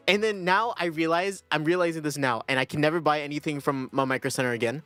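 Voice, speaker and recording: A man's voice: fairly high pitch, quick pace, few pauses, a bit bright, smooth, dry recording, soft background music. A young man chatting casually on a livestream, rambling and self-deprecating, often breaking into laughter. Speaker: streamer.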